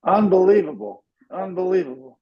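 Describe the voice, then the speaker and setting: A man's voice: sits high, moderate pace, muffled recording. A man in a study session who reacts with admiring interjections and thinks aloud as he asks a question. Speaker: study partner.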